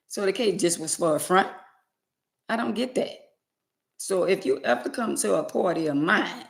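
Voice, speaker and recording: A woman's voice: on the low side, animated, normal speed, gravelly. A woman talking straight to her viewers in a casual monologue, plain-spoken and emphatic, repeating her points. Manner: plain-spoken, uses y'all. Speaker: vlogger.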